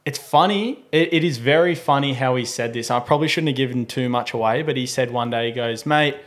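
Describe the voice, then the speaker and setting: A young man with an Australian accent, co-hosting a podcast and retelling a story in a rambling, animated way full of slang. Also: mid-range voice, brisk. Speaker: podcast co-host. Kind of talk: casual storytelling chat.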